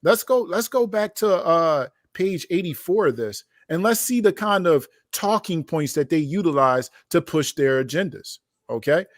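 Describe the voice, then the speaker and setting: A man's voice: fairly high pitch, lively intonation, moderate pace, no room sound. Emphatic man reading and commenting, dry sound. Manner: reads quotes aloud then comments emphatically, with rhetorical questions. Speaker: host reacting to documents.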